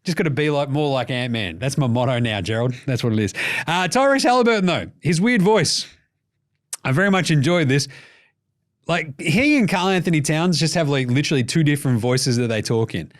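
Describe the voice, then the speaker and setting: A man with an Australian accent chatting casually as a sports podcast host. His voice sits a little high and he talks with a jokey, animated edge, swearing freely as he goes. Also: brisk.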